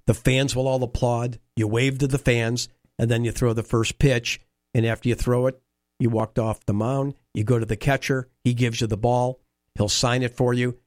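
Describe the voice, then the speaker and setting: Man telling lively stories, dry sound. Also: medium pitch, moderate pace, no room sound. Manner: animated anecdotes with quoted dialogue. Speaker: interview guest, former baseball team staffer. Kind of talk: storytelling conversation.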